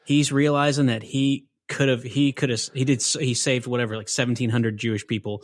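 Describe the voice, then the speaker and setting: A man's voice: medium pitch, steady tone, brisk. A man co-hosting a movie podcast, chatting with casual enthusiasm. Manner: enthusiastic, says dude a lot. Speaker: podcast co-host. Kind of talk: casual chat.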